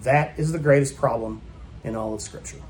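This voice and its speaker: Emphatic and full of rhetorical questions for his congregation, a pastor delivers a sermon in church. His voice is medium-pitched, a little mellow and moderately paced, over slight background noise.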